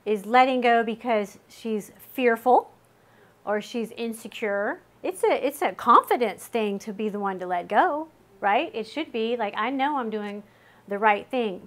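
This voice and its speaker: Chatty woman leading a group. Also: a little high. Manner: warm conversational, laughs often, asks the group questions. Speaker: parenting group leader. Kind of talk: casual teaching talk to a small group.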